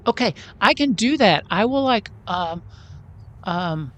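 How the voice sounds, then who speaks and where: A shy, eager young girl, as a woman game master puts her on, with a voice pitched well above the narrator's own. She stammers and hesitates, keen to be useful to the group in a tabletop game. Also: lively intonation, slow pace, a bit bright.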